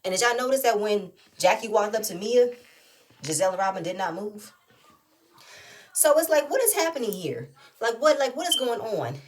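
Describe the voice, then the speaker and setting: A woman giving a casual, animated recap and review of a reality show, often incredulous and firing off rhetorical questions. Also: on the high side, moderate pace, slight background noise.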